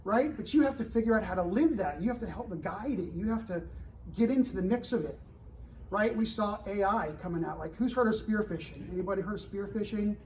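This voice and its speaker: A middle-aged man with a high-pitched voice talks to a live student audience at an event. He is animated and keeps asking the room questions. The mic sits a bit far from him, with a faint hum of room ambience behind. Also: fairly quick. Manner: animated, rhetorical questions to the crowd, frequent "right?". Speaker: government security director speaking to students. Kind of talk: fireside chat to a live audience.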